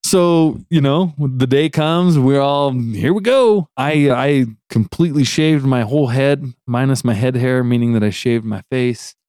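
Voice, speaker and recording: A man's voice: medium pitch, a little slow, hardly any pauses, clear, resonant tone, no room sound, studio quality. A man telling a long story in casual chat on a podcast, laughing often and acting out what people said. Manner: animated, laughs often, acts out quotes.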